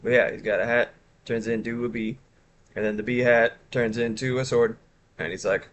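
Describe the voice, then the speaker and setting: A man's voice: mid-range voice, fairly even intonation, moderate pace, slight background noise. A man streaming live, chatting casually and rambling with chat while showing his art. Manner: rambling, chatty, self-interrupting.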